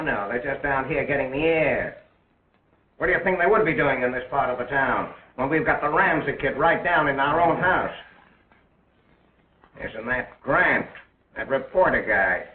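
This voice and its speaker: An actor playing a brisk, suspicious gang member in an early talkie. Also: male voice, mid-range voice, slight background noise, natural voice. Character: wary male gang member. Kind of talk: early talkie film acting. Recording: roomy, distant, tinny 1920s film soundtrack.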